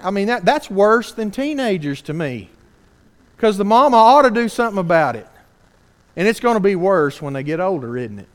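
High-voiced preacher. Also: male voice, moderate pace. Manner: earnest, animated preaching with rhetorical questions. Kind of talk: sermon.

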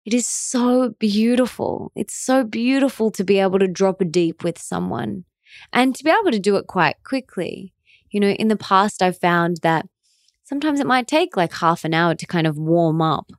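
Woman in her thirties, mid-pitched; earnest, encouraging podcast host, intimate and dry. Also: lively intonation, moderate pace, no room sound. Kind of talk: motivational monologue.

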